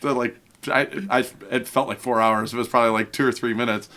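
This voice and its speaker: Fast-talking man telling stories. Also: mid-range voice, slight background noise. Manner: fast, animated, acts out quoted voices. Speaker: podcast guest. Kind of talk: casual storytelling.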